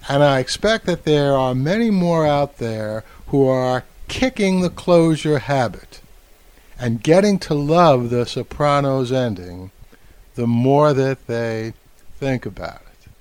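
Slow, measured male podcast commentator. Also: medium pitch, expressive, darkish tone, smooth, no echo. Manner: measured, reflective, slows to stress words. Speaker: podcast host and media commentator.

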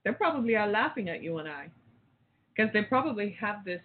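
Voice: medium pitch, sing-song, brisk, a little hiss or hum. A caller giving an impassioned, rambling rant, repeating phrases and firing off rhetorical questions. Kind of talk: impassioned talk-show rant. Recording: tinny phone line.

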